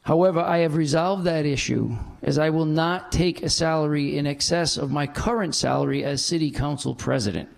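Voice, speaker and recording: Council president guy, kinda high gravelly voice, runs the meeting, measured and formal. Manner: measured, reads a prepared statement with deliberate emphasis. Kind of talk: chairing a formal public meeting. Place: council chamber.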